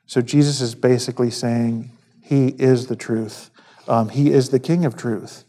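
Mellow-voiced man preaching casually. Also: mid-range voice, steady tone. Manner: casual, halting, many fillers and restarts; acts out quoted speech. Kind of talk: conversational sermon.

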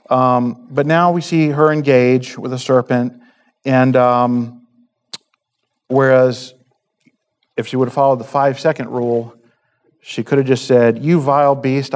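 A man delivers a Bible teaching as an unscripted sermon, his voice sitting at an everyday middle pitch. He talks in loose, halting runs, filling pauses with ums and circling back to restart his sentences. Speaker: preacher.

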